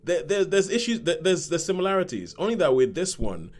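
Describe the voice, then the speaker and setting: A man's voice: fairly high pitch, big pitch swings, brisk. A man casually reviewing a film on a podcast, rambling and repeating words as he acts out bits of dialogue.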